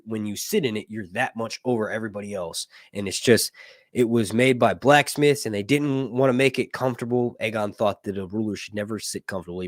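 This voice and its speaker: A man's voice: medium pitch, no room sound, clean studio sound. A young man hosting a casual livestream, rambling and joking crudely. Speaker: YouTube show host.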